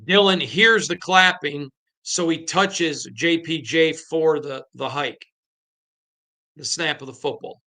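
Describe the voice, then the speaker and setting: Man, sports podcast host, solo commentary, emphatic, bright tense voice. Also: on the high side, takes it slowly. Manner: emphatic storytelling, retelling conversations.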